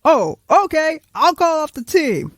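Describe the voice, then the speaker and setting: Incredulous male superhero, high raised voice, dry and close, as a woman puts him on. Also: sing-song, a little slow, dry recording.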